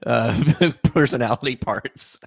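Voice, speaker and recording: A man co-hosting a podcast, chiming in with quick, playful reactions during a casual chat about an episode. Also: mid-range voice, vocal fry, a little hiss or hum. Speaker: podcast co-host.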